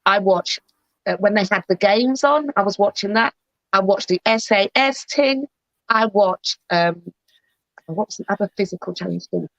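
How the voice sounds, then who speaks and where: A woman's voice: medium pitch, moderate pace, gravelly, fairly bright tone, no echo, dull audio. A middle-aged woman and actress, chatting playfully as a guest on a talk show. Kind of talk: casual chat.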